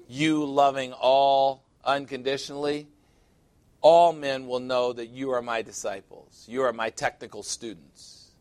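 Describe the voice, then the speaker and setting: A pastor with a medium-pitched voice preaches an emphatic sermon, reading scripture aloud, commenting on it, and addressing his congregation directly.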